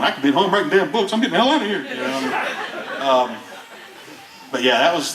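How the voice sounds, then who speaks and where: A man casually telling survival anecdotes, animated and often laughing as he talks. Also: medium pitch. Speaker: guest recounting a survival show. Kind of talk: casual storytelling. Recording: echoey room, distant mic, faint noise.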